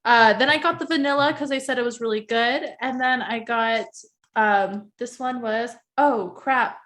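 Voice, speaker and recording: A woman's voice: a little high, normal speed, a bit bright. A woman hosting a casual livestream chat, gushing as she tastes food, with lots of "um" and "like". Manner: chatty, gushing food tasting with fillers. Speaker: show host.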